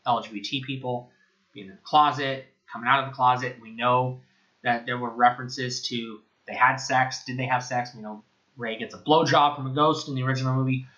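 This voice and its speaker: A man talks through a film review in a loose, rambling way, sarcastic and quick to swear. His voice is bright and forceful. The recording sounds dull and lo-fi. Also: medium pitch, fairly even intonation. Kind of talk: casual spoken review.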